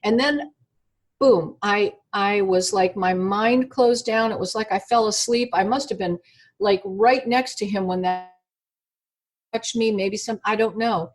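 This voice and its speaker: A woman being interviewed over an internet call, telling a personal story in an animated, halting way with many fillers and restarts. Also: medium pitch. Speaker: interview guest.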